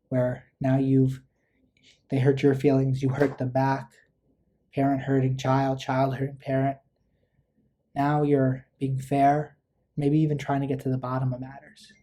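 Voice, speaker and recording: A man leads a parenting workshop in a relaxed, conversational way. His voice is warm and dark, with a flat, even delivery that rarely rises, and he slips into short example lines a parent might say. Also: mid-range voice, a little slow, long pauses. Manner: conversational, acts out parent lines with small asides. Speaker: therapist teaching a parenting workshop. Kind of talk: relaxed instructional talk.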